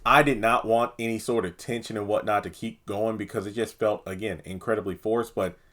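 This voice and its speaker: A man's voice: lowish voice, steady tone, brisk, fairly bright tone. A man hosting his own TV review channel, talking casually and with exasperation, rambling and sometimes acting out characters' lines. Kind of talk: casual solo review talk.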